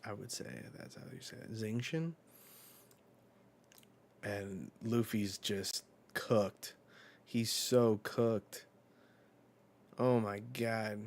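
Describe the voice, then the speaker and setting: A man's voice: fairly low pitch, fairly even intonation, takes it slowly. A man streaming a live reaction while reading a manga chapter, casual and profane, reading the characters' lines aloud.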